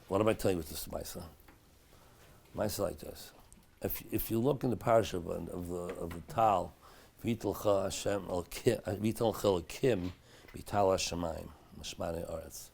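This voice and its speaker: A middle-aged rabbi with a low, gravelly voice teaches a Torah class in a synagogue study hall. He talks chattily, weaving in anecdotes. At dramatic moments in his stories he sinks to a hushed tone. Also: normal speed, slight background noise. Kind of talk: storytelling Torah lecture.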